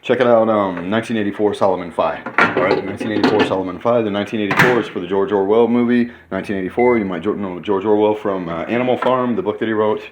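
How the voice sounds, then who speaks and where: Guy in his 30s rambling fast and excited, lowish voice, vlog from a hotel room. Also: very noisy. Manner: excitable, rambling, talks while eating. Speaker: vlogger. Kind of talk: rambling casual monologue.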